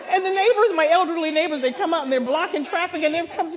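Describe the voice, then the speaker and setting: An older woman pastor telling a comic story at a women's gathering, animated and laughing, acting out the voices of the people in it. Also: very high voice, fast, hardly any pauses, crowd noise. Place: live gathering.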